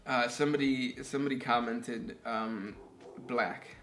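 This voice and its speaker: A man's voice: medium pitch, fairly even intonation, normal speed, fairly bright tone. A man co-hosting a casual chat and reading out listener questions in an easygoing way with many fillers. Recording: echoey room with faint noise.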